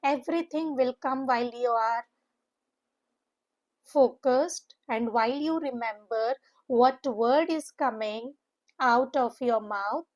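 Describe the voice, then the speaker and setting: A woman's voice: high-pitched, darkish tone. A woman, an English teacher giving an exam-prep lesson, explaining word by word and slipping Hindi phrases into her English.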